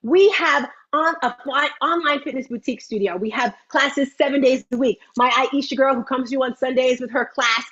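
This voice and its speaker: A woman in her fifties hosting an online fitness meeting, chatty and animated, repeating phrases for emphasis. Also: sits high, normal speed, few pauses, dull audio. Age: 50s. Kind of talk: lively live-stream pitch.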